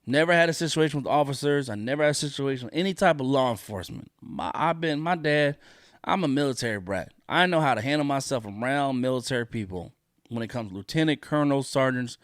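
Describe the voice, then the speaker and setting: A man's voice: mid-range voice, quick pace, no echo, clean studio sound. A man hosting a solo podcast, ranting in a profane, indignant way and repeating his points for emphasis. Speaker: podcast host.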